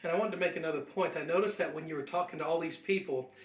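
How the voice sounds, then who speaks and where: A man's voice: on the high side, racing, echoey room. Agreeable male guest, far from the mic. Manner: agreeable, affirming. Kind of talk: casual conversation.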